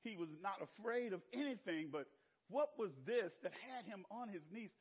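An older Southern American pastor preaching with a high voice. He tells stories with laughter, swinging between booming lines and hushed ones. The audio is dull and lo-fi. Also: expressive, normal speed, husky. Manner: storytelling with laughter and sweeping shifts in loudness. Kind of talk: sermon.

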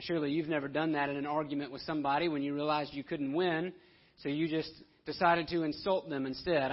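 A man's voice: on the high side, slightly rough. A man preaching a conversational sermon, now and then acting out the voices of the people in his story. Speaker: pastor. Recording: dull lo-fi audio.

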